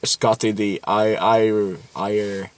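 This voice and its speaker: A man co-hosting a casual podcast, sarcastic and quick to swear, full of jokey asides. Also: on the low side, level tone, dry recording. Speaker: podcast co-host. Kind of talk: casual chat.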